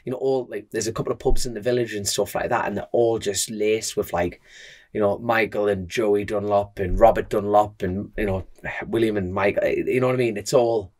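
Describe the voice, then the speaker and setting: Fast-talking man rambling about racing. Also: on the low side. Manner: rambling, lots of fillers, animated storytelling. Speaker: podcast co-host and motorbike racer. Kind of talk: casual chat.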